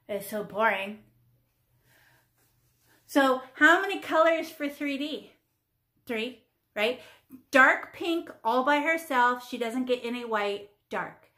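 A woman's voice: on the high side, takes it slowly, long pauses, pushed and bright, echoey room. A woman in her fifties teaching children to paint, playful and chatty, teasing the class and talking to herself as she works. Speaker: art teacher.

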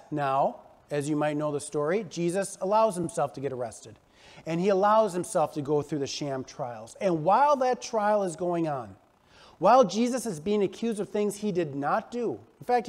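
A male pastor preaching a sermon, telling the story with animated energy and acting out the quotes. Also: high voice.

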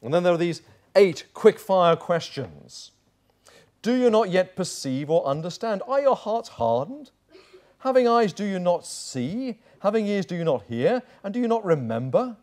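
Animated male pastor preaching. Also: high-pitched, unhurried. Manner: animated preacher, drops to hushed tones for quoted voices. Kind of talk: sermon. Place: chapel.

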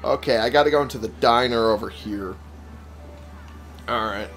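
A young Texan man gives casual let's-play commentary that's sarcastic, profane, and packed with filler words. His voice is medium in pitch and a bit bright, moving at a moderate pace.

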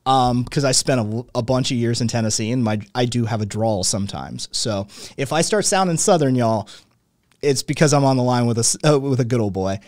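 A man in his late thirties hosts a conversation. He speaks at a medium pitch in long, winding sentences full of fillers. His voice sounds dry and close to the mic. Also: brisk, few pauses, a little mellow, no room sound. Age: late 30s. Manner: talkative, wordy, many fillers and restarts. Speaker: podcast host. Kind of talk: conversational interview.

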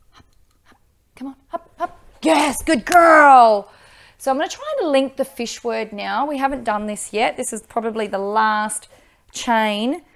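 An upbeat woman, teaching dog training and giving loud bursts of praise into a microphone. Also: on the high side. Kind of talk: instructional video with live dog training.

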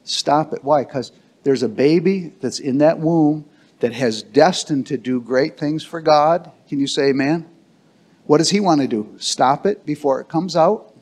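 A man's voice: a little high, unhurried, a little mellow. A man preaching a sermon as pastor, emphatic and calling for answers from the congregation. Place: church sanctuary.

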